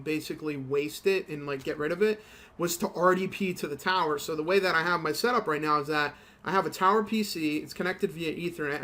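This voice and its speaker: A man's voice: fairly high pitch, bright, forceful tone. A young man telling a rambling, profane story while commenting on his gameplay. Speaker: gaming YouTuber.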